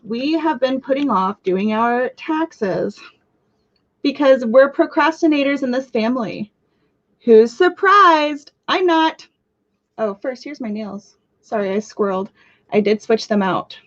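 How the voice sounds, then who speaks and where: A young woman in her twenties hosts a live crafting show, her fairly high voice lively and unhurried over lo-fi sound. She chats casually and scatters from topic to topic, tossing in self-mocking asides and sudden bursts of squeals.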